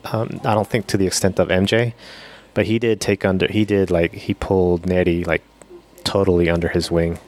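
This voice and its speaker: A man with a very low voice trades opinions in a relaxed podcast chat. He speaks bluntly, leans into casual slang and gets animated when he disagrees. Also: normal speed. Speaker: podcast co-host.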